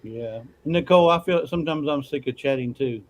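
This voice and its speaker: A man's voice: a little high, fairly quick. A man from Texas co-hosting a casual live stream, throwing in teasing jokes and short interjections. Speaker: co-host.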